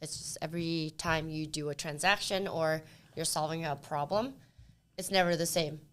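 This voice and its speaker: A woman, a real estate professional, chatting as a guest on an interview podcast in a soft-spoken, relaxed way. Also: deep voice, normal speed. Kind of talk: casual interview chat.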